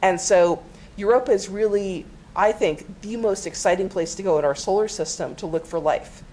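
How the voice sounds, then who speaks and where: A woman's voice: mid-range voice, normal speed, mellow, slight background noise. A woman giving a public science talk as a panelist, explaining with enthusiasm and the odd filler. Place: auditorium stage.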